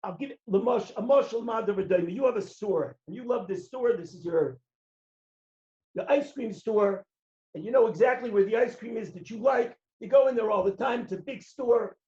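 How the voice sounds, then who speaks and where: Male rabbi, lively sermon storyteller, voices his characters and raises his voice for emphasis, roomy and dull recording. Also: high voice. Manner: animated storyteller, acts out voices, shouts at peaks. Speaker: rabbi giving a talk. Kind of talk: sermon with stories.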